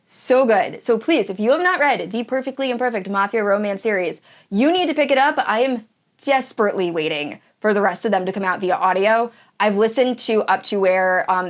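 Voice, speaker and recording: A woman's voice: medium pitch, brisk. A woman reviewing books in a casual chat, gushing and enthusiastic, with lots of fillers. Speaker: book reviewer. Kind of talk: casual tier-ranking chat.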